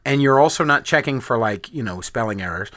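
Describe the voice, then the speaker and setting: A man hosting a podcast in casual chat, animated and profane, laughing often. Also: mid-range voice, brisk, no echo. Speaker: podcast host.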